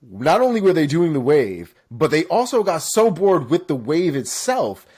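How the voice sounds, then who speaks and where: A man from Florida co-hosting a casual chat, telling stories with lively swearing. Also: fairly high pitch, normal speed, husky. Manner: animated storytelling with swearing. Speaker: co-host.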